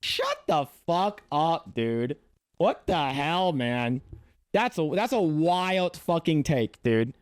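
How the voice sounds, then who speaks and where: A man's voice: fairly high pitch, very animated, slow, clear, resonant tone, dry recording, clean studio sound. A man reacting to a video on a livestream, exasperated and profane, often repeating himself. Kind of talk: casual reaction commentary.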